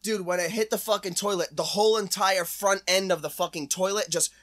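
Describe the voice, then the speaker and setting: A man's voice: high-pitched, a little fast. A young man telling a rambling, profanity-laced story in casual chat during a game playthrough. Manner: animated storyteller, heavy swearing, acts out quotes. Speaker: co-host of a gaming playthrough. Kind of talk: casual chat while gaming. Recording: game music playing behind.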